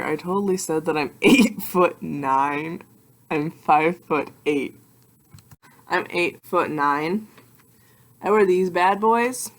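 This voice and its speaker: A young adult woman vlogging casually to her computer webcam, rambling and excitable with self-mocking asides. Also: lowish voice. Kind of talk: casual vlog talk to camera.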